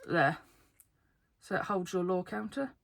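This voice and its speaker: A woman card game YouTuber from the UK, talking fast and excitedly to camera in a casual vlog, laughing often. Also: lowish voice, vocal fry. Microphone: camera facing her.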